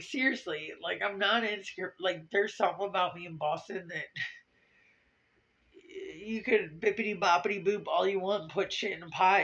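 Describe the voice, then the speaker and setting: A tearful woman pours her heart out in a confessional vlog, blunt and profane as she rambles. Her voice is bright and strained. The sound is dull and lo-fi, as from a low-quality video. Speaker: vlogger.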